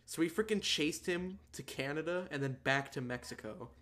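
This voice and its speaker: A young man in his late teens co-hosting a podcast, telling rambling, profane stories in casual chat with loud bursts of laughter. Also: fairly high pitch, normal speed, background noise. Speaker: podcast co-host.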